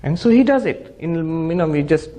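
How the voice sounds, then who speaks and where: Over heavy background noise, a man with a fairly high voice speaks at normal speed. He's a Vedanta monk giving a spiritual talk built around a parable, voicing each character's lines and chanting verses in Sanskrit.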